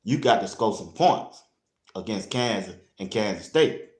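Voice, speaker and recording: Dude hosting sports talk, blunt and fired up, kinda echoey room. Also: male voice, lowish voice, a little slow. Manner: animated and blunt, talks straight to the audience. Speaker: sports talk show host. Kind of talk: casual sports commentary. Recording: roomy echo.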